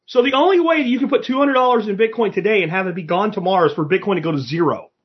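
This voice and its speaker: A man's voice: high-pitched, racing, breathy edge, highs cut off. A man hosting a live-stream show, talking bluntly and with profanity as he rants and answers chat comments. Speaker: podcast host.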